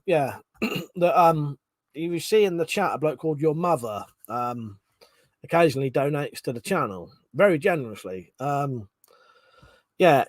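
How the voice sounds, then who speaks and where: A man's voice: mid-range voice, no echo. A man hosting a live stream, chatting loosely, swearing casually and reading out chat messages from home. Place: home room.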